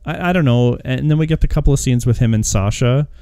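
A man's voice: medium pitch, fast, warm tone, smooth, no room sound, clean studio sound. A man co-hosting a casual movie podcast, steering the talk with loose, hesitant phrasing. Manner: conversational, leads topics with loose hesitant phrasing. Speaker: podcast co-host.

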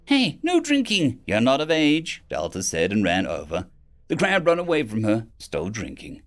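A man reading a fantasy web novel aloud as an audiobook narrator, expressive and quick to shift into character voices. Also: mid-range voice.

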